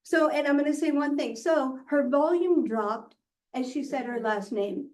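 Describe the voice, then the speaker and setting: A woman instructor leads a presentation class in a fairly high voice, demonstrating and checking in with the group. She sounds a bit away from the mic, in a roomy room. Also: unhurried, recorded from a distance. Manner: animated, demonstrative, checks in with "right?". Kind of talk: classroom coaching.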